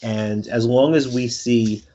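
A man's voice: mid-range voice, fairly even intonation, takes it slowly, warm tone, slight background noise. A man with a Brooklyn accent, interviewed about the game he designs, thoughtful and joking, often restarting his phrases. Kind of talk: conversational interview. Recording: lo-fi audio.

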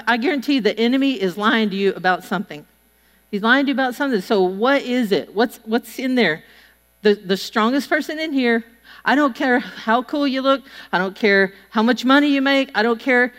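A woman preaching a sermon, telling chatty, animated personal stories and acting out the voices of the people in them. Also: a little high. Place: church hall. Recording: long hall reverb.

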